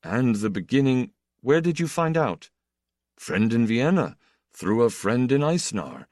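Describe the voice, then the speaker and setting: A man's voice: mid-range voice, big pitch swings, darkish tone, dry recording, studio quality, pitched above the performer's own voice. A man voicing a flustered, ambitious male deputy who speaks in urgent, agitated bursts. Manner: urgent, agitated, rapid questioning. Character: excitable middle-aged male politician, a deputy.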